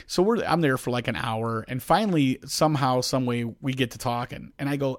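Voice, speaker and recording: A man in his thirties with a Chicago accent tells a long, rambling story on a podcast and slips into quoted voices along the way. His voice sits at a middle pitch and is recorded dry and close, with no room sound. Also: animated, brisk, few pauses, no room sound. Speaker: podcast co-host. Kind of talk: casual chat, storytelling.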